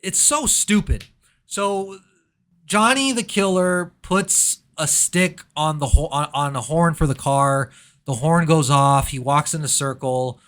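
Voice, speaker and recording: A man's voice: fairly high pitch, measured pace, a bit bright. A man reviewing a horror movie in casual chat, ranting sarcastically with mock outrage.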